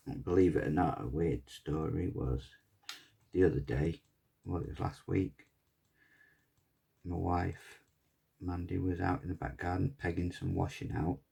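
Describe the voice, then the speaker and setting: A man's voice: deep voice, fairly even intonation, a little slow, creaky, pauses often, mellow, breathy edge. A man giving a casual, rambling pyrography tutorial and chatting as he works. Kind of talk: casual tutorial chat while working.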